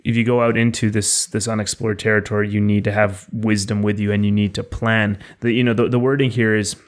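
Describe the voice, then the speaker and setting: Male podcast co-host, lowish monotone, reflective and unhurried. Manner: thoughtful, reflective. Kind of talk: casual discussion of a poem.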